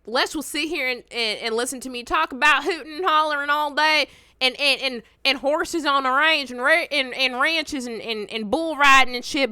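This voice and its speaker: A young woman, chatting casually as she reacts to a video and her chat, teasing and swinging between loud outbursts and low mutters. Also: moderate pace, no echo, clean studio sound.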